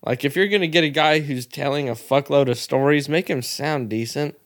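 A man's voice: fairly high pitch, normal speed, fairly bright tone. Male co-host, blunt and crude, jokes over his partner in casual film talk. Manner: blunt, crude joking, talks over others. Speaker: podcast co-host. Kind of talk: casual movie chat.

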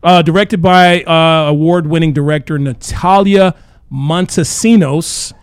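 Guy hosting a talk show, kinda high voice, jokey intros, dry studio. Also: steady tone, a little slow, clean tone, no echo. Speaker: host. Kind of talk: casual chat.

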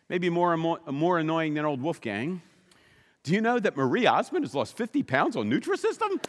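Animated high-voiced male preacher. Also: moderate pace, in a large hall. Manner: emphatic, conversational, asks the congregation questions. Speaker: pastor. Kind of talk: sermon. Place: church sanctuary.

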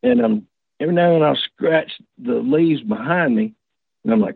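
A man's voice: a little high, big pitch swings, moderate pace, gravelly, husky, no room sound. A man tells a personal story in a casual, folksy, rambling way, full of restarts and asides. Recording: tinny dry phone line.

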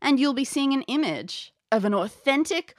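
A woman game master narrates an audio adventure with playful, chatty descriptions. Her voice sits a little high, and the recording is close and dry with no room sound. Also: lively intonation, moderate pace, dry recording.

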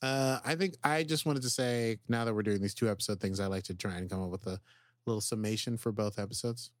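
A man co-hosting a casual podcast, playful and chatty, often reading quotes aloud with quick asides. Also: fairly low pitch, no echo, clean studio sound. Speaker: podcast co-host.

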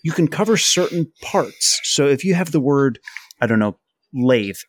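Animated man hosting a podcast. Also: a little high, normal speed, slightly rough. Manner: animated, steers the conversation. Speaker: podcast host. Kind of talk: casual chat.

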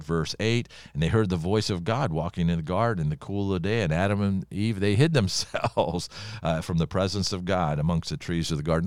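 An older pastor with a low, clear, resonant voice teaches the Bible on a podcast. His style is folksy and conversational, full of personal anecdotes, recorded dry in clean studio sound.

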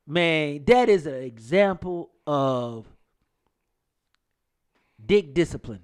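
Animated man telling sports stories. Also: fairly high pitch, slow pace, long pauses, smooth. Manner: animated storyteller, acts out quoted voices, laughs often. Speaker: sports talk co-host. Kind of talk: casual sports talk with storytelling.

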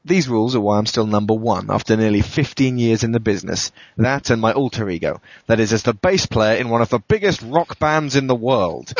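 A man, a podcast host, reading a first-person thriller in a steady, matter-of-fact way. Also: fairly low pitch, no room sound. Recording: dull, dry lo-fi recording.

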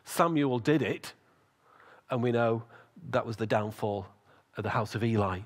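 A man preaching a sermon, retelling a story with lively acted-out voices. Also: medium pitch, measured pace. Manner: animated storytelling with acted quotes.

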